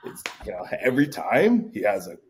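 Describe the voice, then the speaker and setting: A man's voice: fairly low pitch, huge pitch swings, fairly quick, background noise. A man co-hosting a podcast in casual chat, playful and teasing, swearing now and then. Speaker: podcast co-host.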